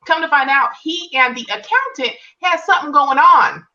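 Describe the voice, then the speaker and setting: A woman telling a personal story in casual conversation, acting out quoted lines. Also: normal speed. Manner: animated storyteller, acts out quotes in higher pitch. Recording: distant mic, dull lo-fi sound.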